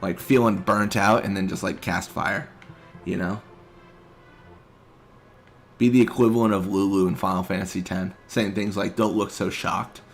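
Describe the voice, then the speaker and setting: A man streaming a video game, chatting casually in a relaxed, rambling way with lots of filler words. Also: low-pitched, moderate pace, long pauses, soft background music. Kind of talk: casual live-stream chat.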